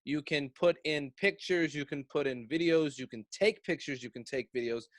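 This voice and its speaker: Male podcast host, casual and sardonic, slightly higher voice, dry close sound. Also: moderate pace, no room sound. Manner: wry, sarcastic, swears freely.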